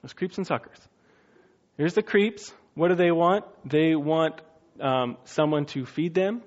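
A man's voice: a little high, unhurried, highs cut off. A man preaching a sermon in a casual, conversational way, now and then acting out quotes in funny voices. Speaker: pastor.

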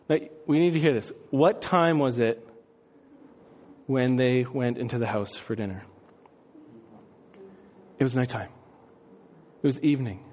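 A man preaching a sermon, telling a story with lively, animated delivery and acted-out voices. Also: mid-range voice, normal speed, long pauses, dull audio, a little hiss or hum. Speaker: pastor.

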